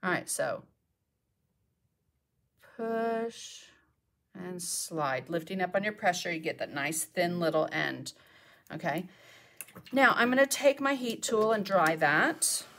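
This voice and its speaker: In her home studio, a middle-aged woman teaches a live painting session, taking her time with long pauses. Her lowish voice has lively intonation and a slightly bright tone, and she chats and talks to herself while she works.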